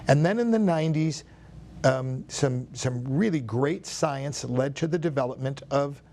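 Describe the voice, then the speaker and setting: A male cardiologist explains in a measured, teacherly way in a TV studio. His voice has a gravelly edge, and he sits at a mid pitch. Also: a little mellow. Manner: measured explaining, some restarts. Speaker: cardiologist guest.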